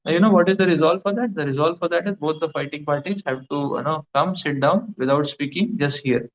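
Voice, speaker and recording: A man with a slightly high voice speaks briskly, delivering a devotional lecture as a spiritual teacher. He rambles, filling his talk with phrases like "you know." The recording is dull and lo-fi.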